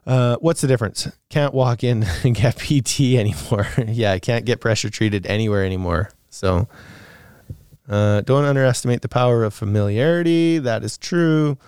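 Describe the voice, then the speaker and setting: A man's voice: mid-range voice, moderate pace, a little mellow, clean tone, no echo, studio quality. A man co-hosting a podcast, answering listener questions in a casual, rambling way with fillers and laughs.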